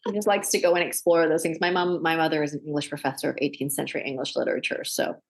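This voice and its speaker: A woman guest, an actor and director, talking casually on a podcast and telling animated stories with laughter in between. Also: sits low, very fast, creaky.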